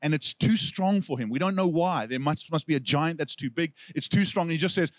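South African pastor preaching, dry sound. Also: male voice, fairly high pitch, a little fast, hardly any pauses, no echo. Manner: animated storytelling, acts out quoted figures. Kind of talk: sermon.

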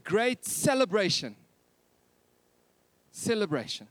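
Thirties male pastor, jokey sermon, very expressive pitch. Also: unhurried, pauses often, no echo. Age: 30s. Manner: animated, jokey, swings between loud and soft. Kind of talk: Christmas sermon.

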